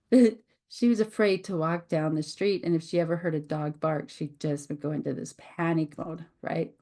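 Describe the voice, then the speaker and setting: A middle-aged woman hosting her own show, a hypnotherapist giving a reflective teaching talk with pauses and restarts. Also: lowish voice, dark tone. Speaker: host and hypnotherapist.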